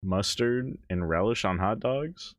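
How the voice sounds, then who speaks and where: Male reaction streamer, fairly low voice, dry close mic, relaxed rambling chat with chuckles. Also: measured pace, no echo. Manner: laid-back, chuckling, rambling asides. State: talking with mouth full. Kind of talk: casual live-stream chat.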